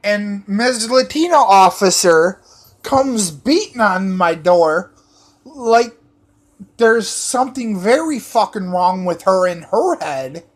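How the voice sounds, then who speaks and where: A man's voice: high voice, animated, takes it slowly. A man telling a rambling personal story, profane and meandering, full of fillers and restarts.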